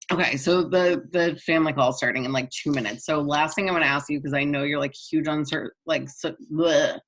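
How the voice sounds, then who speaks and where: Bubbly host on a video call. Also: female voice, sits low, normal speed, fairly bright tone, poor audio. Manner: bubbly, filler-heavy questions. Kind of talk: casual Zoom chat.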